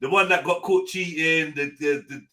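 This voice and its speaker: Bright-voiced man hosting a panel. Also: fairly high pitch, moderate pace, recorded from a distance. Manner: blunt, animated, swears often, acts out quotes. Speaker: host of a live open panel talk show. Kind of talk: casual panel discussion.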